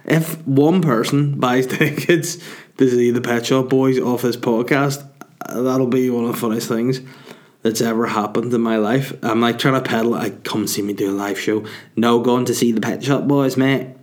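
A comedian hosting a podcast, still getting over a cold, rambles through a sweary, self-mocking monologue and laughs at his own jokes. He has a mid-range voice, fairly even intonation, and a normal speed.

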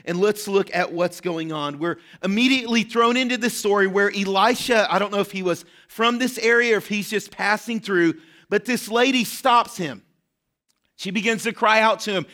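A high-pitched man delivers a sermon in an earnest, direct way. He keeps checking in with his listeners and acts out a widow's desperate cries with rising urgency. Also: normal speed, bright, forceful tone. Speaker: pastor.

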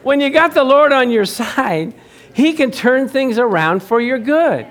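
A man's voice: extremely high pitch, lively intonation, measured pace, fairly bright tone. A man pastor giving a sermon, telling a chatty personal story and laughing often.

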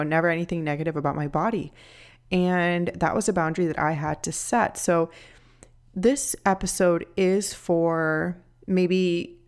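A woman in her thirties with a low voice hosts a solo podcast. She speaks to her listeners as a nutrition coach, earnest and heartfelt, offering encouragement.

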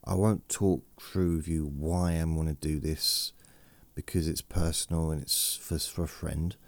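A man's voice: rumbling low, steady tone, unhurried, dry recording. A man hosting a bedtime podcast, rambling in a meandering, self-deprecating way, with his voice edited and processed to sound relaxing. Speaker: podcast host. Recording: processed close-mic studio voice.

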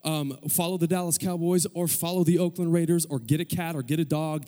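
This pastor's voice is fairly high and mellow, brisk with hardly any pauses and a fairly even intonation. Preaching in a reverberant church sanctuary, he calls for amens and steadily raises the intensity.

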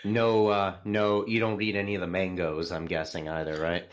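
Low-voiced man hosting a podcast. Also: flat delivery, moderate pace. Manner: reads out numbered questions, teasing, swears freely. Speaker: podcast host. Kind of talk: casual podcast chat.

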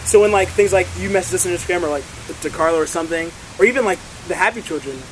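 A teenage boy in a band, chatting excitably in an interview and acting out what people said. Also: sits high, racing, slight background noise, rough recording. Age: teens. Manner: excitable, acts out quotes, many fillers. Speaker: band member guest. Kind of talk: casual interview chat.

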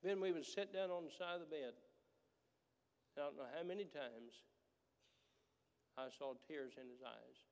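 A man's voice: on the high side, normal speed, creaky, long pauses, a little mellow, clean tone, long reverb tail. A man preaching a sermon as pastor, with a manner that builds into emphatic, repeated declarations. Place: church sanctuary.

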